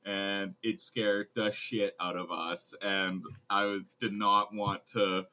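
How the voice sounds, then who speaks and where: A man's voice: on the low side, level tone, slow pace, sharp tone. A man co-hosting a casual podcast, laughing often and swearing freely as he chats. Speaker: podcast co-host.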